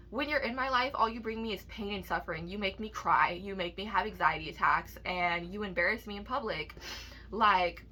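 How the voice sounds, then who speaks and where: Bright-voiced young woman ranting. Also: mid-range voice. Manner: emotional, heavy swearing, ranting to camera. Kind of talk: casual vlog rant.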